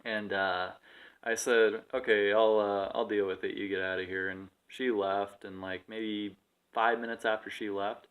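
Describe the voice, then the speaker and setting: A young man on a casual podcast, telling a workplace story with plenty of swearing and quick voices for the people in it. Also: on the low side, flat delivery, fairly bright tone. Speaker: podcast co-host.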